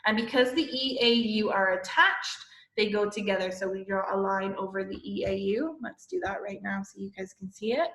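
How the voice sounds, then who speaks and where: A woman teacher giving a lesson to young children, explaining slowly and patiently and often checking with "okay?". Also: mid-range voice, fairly bright tone. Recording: echoey room.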